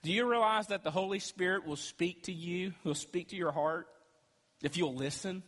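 A man preaching a sermon as pastor, emphatic and swinging between loud and quiet. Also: high-pitched, normal speed. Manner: emphatic preaching, rising and dropping loudness. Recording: echoey hall with long reverb.

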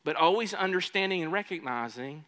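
A male pastor preaching a sermon, often asking the congregation questions and shifting his loudness. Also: fairly high pitch, expressive, brisk. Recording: long reverb of a large hall.

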